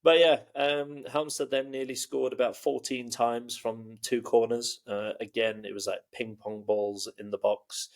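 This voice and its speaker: A man's voice: medium pitch, level tone, measured pace, hardly any pauses. A man co-hosting a casual football podcast, rambling and joking with plenty of "um" and "uh". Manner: rambling, jokey, heavy on fillers. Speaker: podcast co-host.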